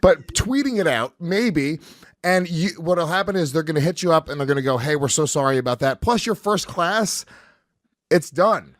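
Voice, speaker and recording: A man's voice: high voice, animated, normal speed, no room sound, clean studio sound. A man co-hosting a podcast in casual chat, blunt and swearing, laughing along with his partner's stories. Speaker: podcast co-host.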